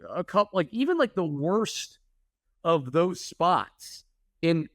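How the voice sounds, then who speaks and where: A man's voice: fairly high pitch, slow, dry recording, studio quality. A man from Oklahoma, a podcast co-host telling stories in casual chat. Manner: storytelling, animated.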